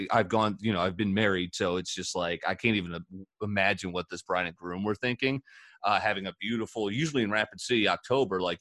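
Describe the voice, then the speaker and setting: A man's voice: deep voice, fairly bright tone, no room sound, clean studio sound. A man hosting a casual podcast, telling long rambling stories with filler words and laughs. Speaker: podcast host. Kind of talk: casual storytelling chat.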